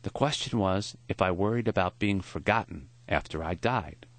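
A man voicing a frail elderly male professor in his seventies, with a foggy, high-pitched voice and a slow, soft, tender delivery. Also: no room sound. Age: 70s.

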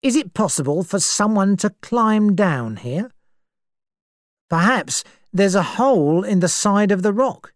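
A man's voice: high voice, animated, measured pace, no room sound, studio quality, voice pushed up. A man voicing a bold, eager man in a story reading, with a raised voice.

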